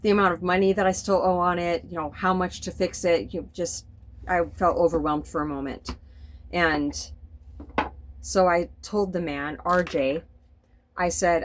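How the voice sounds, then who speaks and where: Candid, rambling woman vlogger, lowish voice. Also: steady tone, takes it slowly, long pauses, slight background noise, rough recording. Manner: rambling, candid, swears casually. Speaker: spiritual vlogger drawing cards. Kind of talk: casual spoken vlog monologue. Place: sitting indoors at home.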